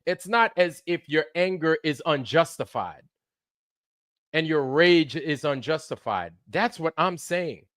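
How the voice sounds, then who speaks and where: A man streaming live, ranting in a heated, profane way, repeating himself and swinging between low mutters and loud outbursts. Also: animated, unhurried, dry recording, studio quality. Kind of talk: heated livestream rant.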